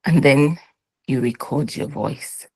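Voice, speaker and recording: Low-voiced woman giving a slow emphatic pep talk, dry close sound. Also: breathy edge, poor audio. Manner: emphatic, instructive, acts out dialogues. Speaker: motivational speaker. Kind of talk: motivational talk.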